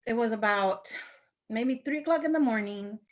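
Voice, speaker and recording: A woman's voice: a little high, normal speed. Chatty older woman telling a story. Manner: chatty, laughs often, acts out quoted friends. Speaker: sales representative hosting a live video. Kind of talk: casual storytelling to viewers.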